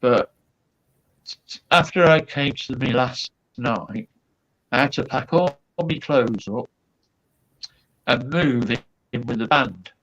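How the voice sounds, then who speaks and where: Man, guest comedian, rambling anecdote, very slow delivery, dull sound. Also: mid-range voice, a bit bright. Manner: storytelling with quoted asides and fillers.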